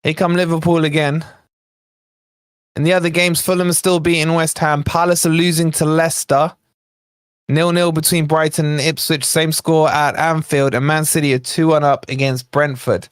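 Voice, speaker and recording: A man hosting a live football watch-along for a fan channel, narrating the play in a chatty way, talking to his viewers and breaking into excited shouts at near misses. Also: a little high, moderate pace, clean tone, no echo, clean studio sound. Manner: excitable, bursts into shouts at chances then calms; chatty asides to viewers in the chat.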